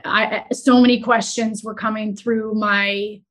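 A woman entrepreneur talking openly as a guest, retelling a stressful stretch in an earnest, emotional, halting way. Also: medium pitch, flat delivery, fairly bright tone. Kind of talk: candid conversational storytelling.

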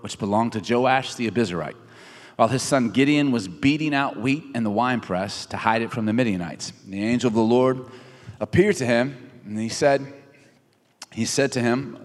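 A man's voice: medium pitch, normal speed. A man in his thirties preaching a casual, joking sermon, retelling a story in everyday words. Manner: conversational and animated, jokes with the audience. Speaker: pastor. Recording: reverberant hall from a distance.

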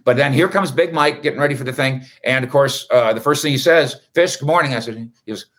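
Man, sports reporter, casual recap, chatty, joking asides, mid-pitched voice. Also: a little fast, fairly bright tone. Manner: chatty, wisecracking, rambling asides.

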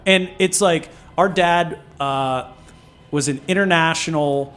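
A man co-founding a food nonprofit, talking in an animated, swearing, storytelling way in a casual podcast interview. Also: a little high, slow.

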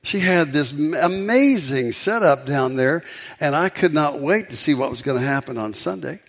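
A man's voice: a little high, lively intonation, normal speed. A man, a pastor, preaching a sermon and telling a story, building up to emphatic peaks.

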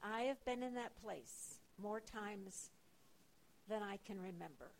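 A woman preaching a sermon as a Bible teacher, slow and emphatic with rising urgency. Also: medium pitch, slight background noise, poor audio.

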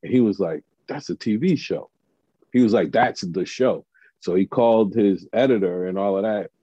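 Low dark-voiced guy telling a story casually, does the voices of people he quotes, dull dry lo-fi audio. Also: moderate pace, husky, no echo. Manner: animated storyteller acting out quotes. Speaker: comedian and TV writer.

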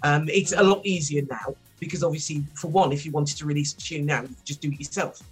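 Woman, middle-aged, mild West Midlands accent, husky, chatty, faint music behind. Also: sits low, fairly even intonation, quick pace. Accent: mild West Midlands English. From Wolverhampton, England. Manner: chatty, laughs often, frequent ums. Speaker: guest, former rapper. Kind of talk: podcast interview.

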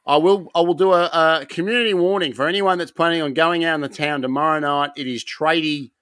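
A man with an Australian accent co-hosting a podcast, teasing and animated, swearing casually. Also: a little high, fast, no echo, clean studio sound. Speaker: podcast co-host.

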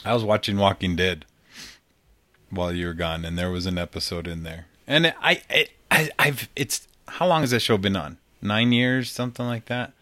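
A man co-hosting a podcast, talking earnestly in casual chat with halting restarts. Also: lowish voice, pushed and bright, no room sound.

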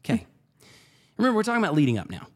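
A male podcast host who talks quickly and tells his story in a relaxed, conversational way. His pitch swings widely as he gets animated, and he repeats key phrases to drive a point home.

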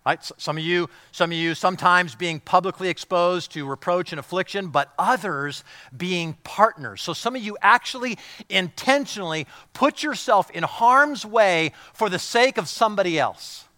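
A man preaching a sermon as pastor, passionate and repeating words, swinging between loud emphasis and hushed, quiet lines. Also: high-pitched, expressive, normal speed, dry recording.

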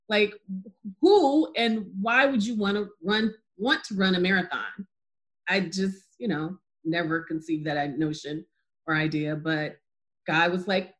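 A woman as an interview guest, telling a personal story in a lively way, acting out dialogue and laughing easily. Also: moderate pace. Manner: animated storyteller, acts out dialogue with lively pitch jumps. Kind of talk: casual testimony interview.

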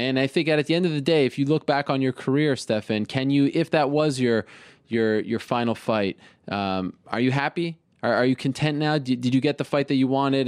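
A male interviewer with a smooth, resonant voice, close and dry on the mic. He asks long, looping questions, repeating words as he finds them, and keeps a friendly tone. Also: medium pitch, a little mellow, dry recording. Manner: friendly, restarts questions, laughs along. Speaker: interviewer host.

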